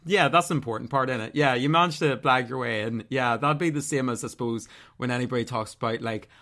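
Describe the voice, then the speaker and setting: A man keeps the conversation loose and easygoing as the interviewer. He chips in with his own stories in an ordinary, mid-pitched voice. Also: a bit bright. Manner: laid-back, quick to laugh along. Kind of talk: casual chat.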